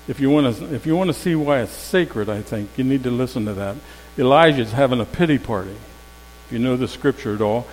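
Male preacher in an echoey hall. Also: medium pitch. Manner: conversational storytelling, swinging from loud to hushed. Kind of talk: sermon. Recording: long hall reverb with faint mains hum.

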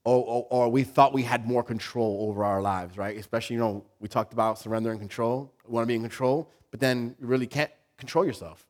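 Male pastor, sermon delivery, animated and expressive, acts out inner voices, mid-range pitch. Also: fast talker, hardly any pauses. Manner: repeats words and restarts, laughs with the congregation.

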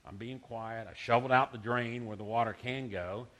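A middle-aged pastor preaches in an easy, conversational way, moving between scripture and stories from his own life. His voice is bright and forward. He talks to the congregation like neighbors. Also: medium pitch, fairly even intonation, moderate pace. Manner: conversational preaching with personal anecdotes. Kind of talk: sermon.

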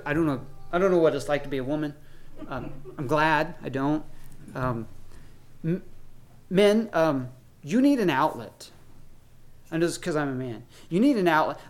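A man preaching a sermon as pastor, talking conversationally and acting out the voices of people in his stories. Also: high-pitched.

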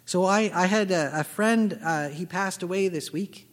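A man's voice: sits high, measured pace. A man preaching a sermon as pastor, telling a personal story and acting out the dialogue. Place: church sanctuary. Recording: long reverb of a large hall.

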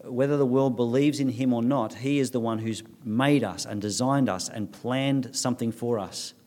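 A man's voice: medium pitch, moderate pace, a little mellow. A man delivers a sermon as a pastor, with an ordinary mid-range voice. He speaks earnestly, reads scripture aloud, and sometimes repeats words as he searches for the next phrase. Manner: earnest preaching with restarts, reading scripture aloud.

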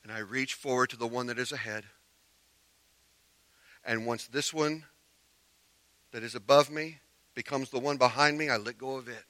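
A man preaching a sermon as pastor, telling a story with animated emphasis that drops to quiet earnestness. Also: mid-range voice, normal speed, long pauses, no echo.

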